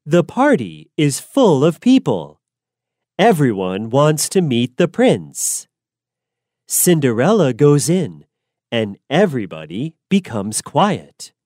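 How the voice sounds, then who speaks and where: Low-voiced woman reading a children's story for learners; slow, deliberate, very melodic. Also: very animated, warm tone, dry recording, studio quality. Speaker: narrator.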